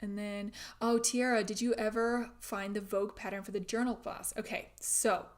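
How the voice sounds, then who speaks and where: A young woman hosting a crafting livestream, chatting casually while reading viewer comments, laughing often and trailing into soft asides. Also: medium pitch, flat delivery, normal speed. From grew up speaking German at home in the US. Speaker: crafting channel host.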